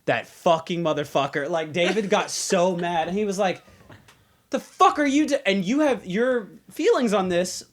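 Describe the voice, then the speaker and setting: A man's voice: high-pitched, normal speed, few pauses. A young man co-hosting a podcast, teasing his friends and telling profane stories in casual chat. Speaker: podcast co-host.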